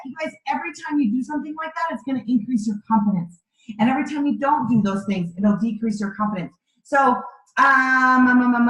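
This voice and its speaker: Emphatic high-voiced woman coaching her team. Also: fairly bright tone, reverberant, poor audio. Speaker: sales team leader. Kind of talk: motivational team training on a video call. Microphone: video call microphone.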